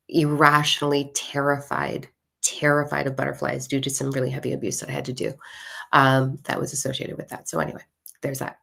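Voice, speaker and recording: A rumbling low, creaky voice belongs to a spiritual content creator telling her personal spiritual story. Casual and animated, she swears freely and mimics the voices of the people she describes.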